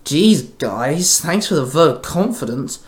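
Man voicing a brash young hero, loud, high, quick-tempered. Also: big pitch swings. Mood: awkward. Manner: loud, indignant.

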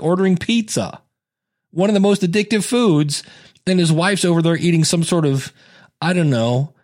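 Chatty dude rambling about a tv show, bit high voice, does little mock voices. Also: male voice. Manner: chatty, animated asides with mock quoted voices. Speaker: show reviewer. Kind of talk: casual chat.

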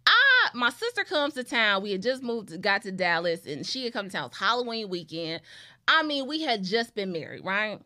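A woman's voice: mid-range voice, very animated, normal speed, sharp tone. A woman in her thirties telling a story in a casual chat and talking straight to the audience as y'all. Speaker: guest.

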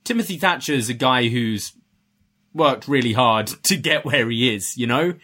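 A man's voice: medium pitch, lively intonation, moderate pace, pushed and bright. A man co-hosting a podcast, giving eager, opinionated takes with some restarts and "um"s. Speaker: podcast co-host. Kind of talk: casual opinion chat.

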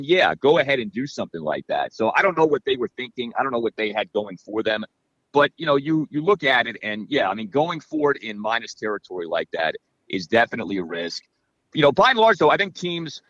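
A man's voice: mid-range voice, no room sound, dull audio. A man on a podcast talking through football strategy in a casual, analytical way, with lots of "you know" and "like". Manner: animated, analytical, many fillers.

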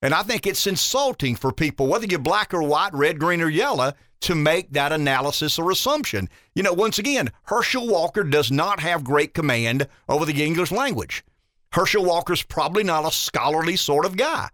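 A rural Southern man hosts a talk radio show in a lively, up-and-down voice. His tone is bright and forceful, and he is emphatic and folksy, doubling back on words as he builds each point. The studio sound is close and dry. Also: fairly high pitch, normal speed, dry recording. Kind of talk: opinionated talk radio commentary.

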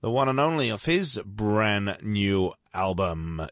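A man's voice: fairly low pitch, animated, normal speed, hardly any pauses, fairly bright tone, no room sound. A man hosting a radio music show, chatting casually and rambling in an upbeat way from a radio studio. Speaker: radio host.

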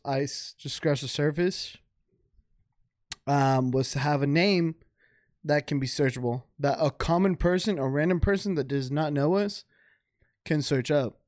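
A young man chatting on a podcast, his voice sitting a bit higher than most men's. He talks loosely and profanely, stacking up "like" and restarts. The sound is dry and close, with no room around it. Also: darkish tone, no echo. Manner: loose, profane, filler-heavy. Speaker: podcast co-host. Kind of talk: casual chat. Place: home.

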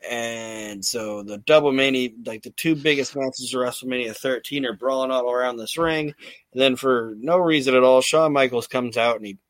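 Man, podcast host, casual chat, animated storytelling, swears freely, medium pitch, dry close sound. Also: normal speed, no echo. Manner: animated storytelling with loose swearing and acted-out quotes. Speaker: podcast host recapping wrestling shows.

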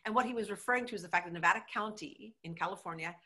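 A middle-aged woman, a former mayor, telling her story with emphatic, animated energy in a conversational interview. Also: medium pitch, rapid-fire.

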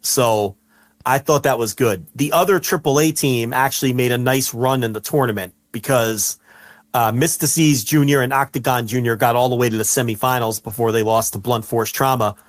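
A man co-hosting a casual wrestling podcast, telling stories with animation and shouting out the lines he quotes. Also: medium pitch, moderate pace. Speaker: podcast co-host.

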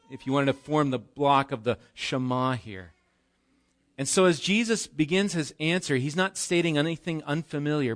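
A man preaching a live sermon in a church, explaining scripture conversationally with rhetorical questions. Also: medium pitch. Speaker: pastor.

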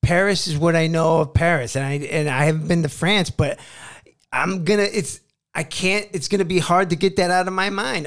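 A man's voice: a little high, fairly even intonation, moderate pace, fairly bright tone. A man in casual podcast chat, laid-back, filling his talk with "you know" and encouraging his co-host.

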